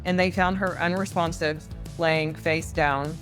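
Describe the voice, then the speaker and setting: A woman's voice: sits low, fairly even intonation, measured pace, over music. A woman in her forties from Texas, a guest on a faith-based interview podcast, telling her story earnestly and with emotion.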